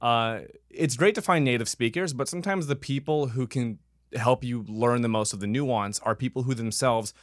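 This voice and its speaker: A man who is an actor, talking as a podcast guest in a relaxed, thoughtful way. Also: mid-range voice, moderate pace, no room sound, clean studio sound. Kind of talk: casual interview talk.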